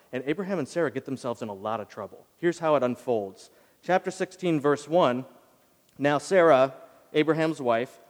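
Man preaching a casual sermon in a reverberant hall. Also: medium pitch. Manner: conversational, emphatic storytelling with acted quotes. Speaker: pastor.

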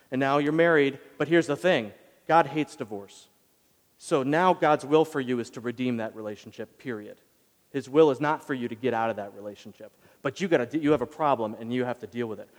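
A man delivers a sermon in a loose, conversational way, slipping into emphatic asides as he retells the story. His voice sits a little high for a man. A long reverb trails behind him, as in a large hall. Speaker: pastor.

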